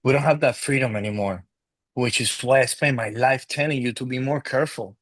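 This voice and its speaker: A father who jokes with his family but stays cautious, played by a man. He speaks in a plain, mid-pitched voice with a reassuring tone. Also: fairly quick, a bit bright, close to an everyday voice.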